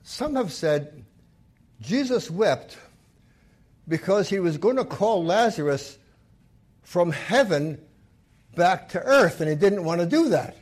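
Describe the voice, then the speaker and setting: A man's voice: high voice, big pitch swings, slow, pauses often. A man preaching a sermon, retelling a Bible story and voicing its people with emphatic, acted-out quotes. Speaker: pastor.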